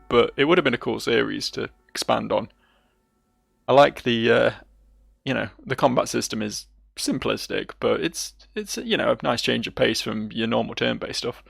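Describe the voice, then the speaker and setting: Wry male let's-player, gravelly fry, dry close sound, casual running commentary. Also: medium pitch, lively intonation, fairly bright tone, dry recording. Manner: wry, sarcastic, reads game dialogue aloud in quick put-on voices. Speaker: let's play host.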